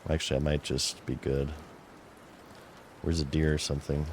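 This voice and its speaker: Casual gameplay commentary comes from a man with a rumbling low voice at a moderate pace, a little hiss or hum on the audio. He stays relaxed and conversational, muttering to himself during play.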